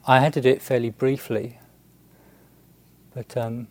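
A man, a Buddhist monk, telling a story in a halting, unhurried way with many restarts and fillers. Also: mid-range voice, flat delivery, darkish tone. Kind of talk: storytelling talk.

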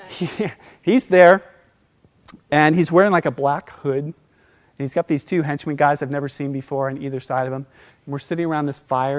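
A middle-aged man relaxes into a casual personal story, acting out the voices he quotes and laughing between lines. His voice is on the high side.

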